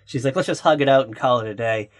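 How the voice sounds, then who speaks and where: Rambling male podcast co-host. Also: mid-range voice. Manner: loose, rambling retelling with many "like"s and quick quoted bits. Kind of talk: casual chat recapping a movie.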